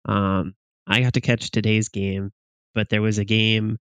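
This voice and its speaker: A man co-hosting a podcast, giving halting opinions on football with many restarts. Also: lowish voice, clear, resonant tone, no echo, dull audio. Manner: halting, restarts often, flat delivery. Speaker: podcast co-host. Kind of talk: casual sports chat.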